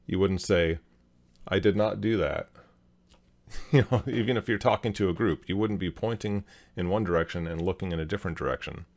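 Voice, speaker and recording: A man hosting a video, calmly analyzing a clip and explaining each point step by step. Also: low voice, fairly quick. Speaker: host, body language analyst.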